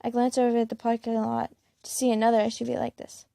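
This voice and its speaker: Gravelly woman reading a story. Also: a little high, monotone, fast, mellow, dry recording, clean studio sound. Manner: plain reading with small slips and restarts. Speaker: fan-fiction reader. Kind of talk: first-person story reading.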